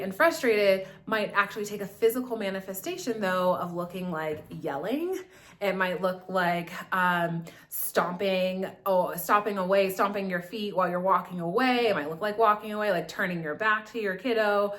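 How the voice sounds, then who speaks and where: A young adult woman talks to camera about parenting, sounding relaxed and conversational. She explains at an easy pace, and fillers and small restarts run all through her talk. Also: medium pitch, normal speed. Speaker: parenting educator. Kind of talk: casual instructional talk to camera.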